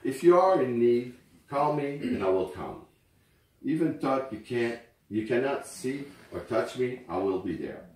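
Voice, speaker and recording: A man whose first language is French, reading memorial poems aloud at a wake in a slow, earnest way. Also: mid-range voice, lively intonation, a little mellow. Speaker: speaker at a wake. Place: memorial gathering indoors. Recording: very echoey room, far from mic.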